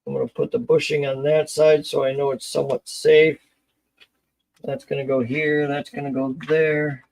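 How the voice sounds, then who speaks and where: A man's voice: a little high, level tone, moderate pace, gravelly, a little mellow, low-quality recording. A man chatting casually on a live stream while he repairs a model car, rambling, joking and muttering to himself as he works.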